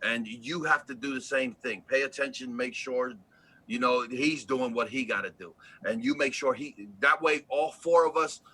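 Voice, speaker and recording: A man's voice: mid-range voice, normal speed, husky, poor audio. A man who supervises on an oil rig, talking bluntly and with plenty of swearing in a casual livestream chat. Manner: blunt, profane, animated storyteller.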